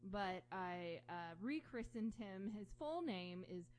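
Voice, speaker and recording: Woman co-hosting a chatty podcast, animated, acts out voices, slight background hum. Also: mid-range voice, slow. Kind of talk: casual chat.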